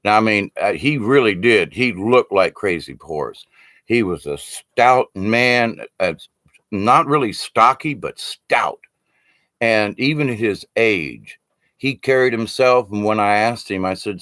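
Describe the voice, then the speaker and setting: With a lowish, fairly bright voice, an older man who talks about shamanism spins loose, rambling stories about his teachings. He laughs a lot and swears casually. The sound is dry and studio quality.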